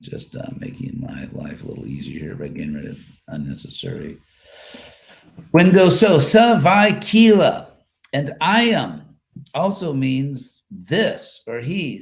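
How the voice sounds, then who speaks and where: A man giving a live scripture class, explaining words one by one in a relaxed, thinking-aloud way with fillers and repeated phrases. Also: medium pitch, measured pace. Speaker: Sanskrit scripture teacher.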